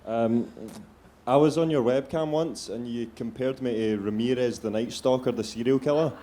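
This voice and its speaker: Hesitant man with a mellow voice. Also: mid-range voice, normal speed, a little hiss or hum. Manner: hesitant, with fillers and laughs. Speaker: audience member asking a question.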